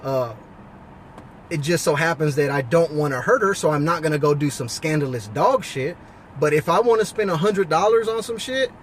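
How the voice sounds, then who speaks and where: High-voiced guy ranting outside, swears nonstop, blunt and preachy, bit of street noise. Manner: blunt, heavily profane, preachy. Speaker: husband and father giving life advice. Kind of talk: casual monologue to camera.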